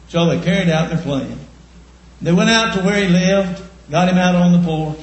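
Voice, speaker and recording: A man preaching a sermon, telling homespun stories and repeating his points slowly for emphasis. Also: high-pitched. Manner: folksy, homespun storytelling with slow emphatic repetition. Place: church. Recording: echoey church room.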